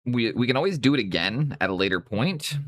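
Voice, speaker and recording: A Canadian man at a desk microphone chats easily to his live audience. His voice sits at an ordinary middle pitch. He wanders through his thoughts, breaking off and restarting his sentences. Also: expressive, a little fast, fairly bright tone, dry recording, studio quality. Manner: rambling, self-correcting, easygoing. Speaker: streamer painting miniatures. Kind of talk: casual live-stream chat.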